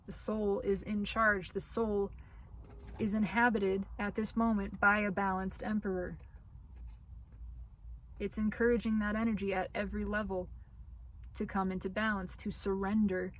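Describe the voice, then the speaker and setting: Woman giving a slow, repetitive tarot reading. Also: medium pitch, little pitch movement, low-quality recording. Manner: slow, repetitive, reassuring phrasing. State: losing her voice. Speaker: tarot reader. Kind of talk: spiritual tarot reading monologue.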